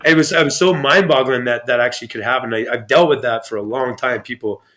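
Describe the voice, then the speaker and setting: Man, rapid speech, rambling, profane, lots of restarts, casual interview storytelling. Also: medium pitch, noisy background. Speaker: podcast guest.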